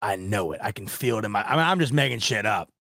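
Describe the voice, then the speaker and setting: A man's voice: fairly low pitch, lively intonation, fast, gravelly, a bit bright, no echo, clean studio sound. Frustrated man ranting on a podcast. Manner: frustrated, rambling, self-deprecating, swears. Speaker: podcast host. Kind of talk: casual sports podcast rant.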